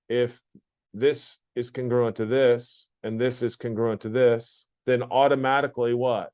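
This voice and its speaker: A man's voice: medium pitch, a little mellow. Guy teaching geometry in a classroom, plainspoken, keeps asking the class questions. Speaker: math teacher. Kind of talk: classroom lecture.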